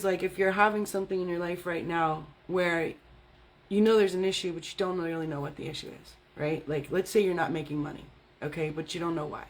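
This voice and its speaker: A middle-aged woman, an energy healing and fitness coach, talking candidly and bluntly with plenty of swearing, often checking in with "right?" and "okay?". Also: fairly low pitch. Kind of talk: candid casual monologue.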